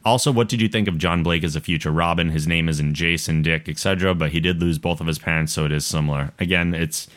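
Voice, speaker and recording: A man hosting a podcast, chatting casually and reading out listener email in a relaxed, conversational way with the odd laugh. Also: low voice, fast talker, hardly any pauses. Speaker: podcast host.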